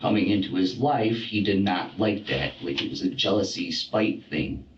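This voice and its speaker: Distant low-voiced man recounting, halting. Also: slight background noise. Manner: halting, many fillers and restarts. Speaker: interviewee recounting an assault. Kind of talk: recorded documentary interview. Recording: roomy, distant, dull clip.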